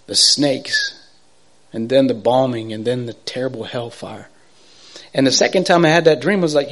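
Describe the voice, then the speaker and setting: A middle-aged man giving an emotional personal testimony, halting and repetitive, swinging from urgent to hushed. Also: medium pitch. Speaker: testimony speaker.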